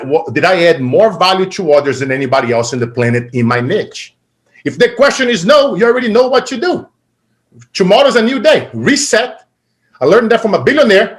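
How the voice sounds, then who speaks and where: A man giving a motivational keynote talk, energetic and swinging from loud to quiet and emotional. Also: high-pitched. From Brazil. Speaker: keynote speaker.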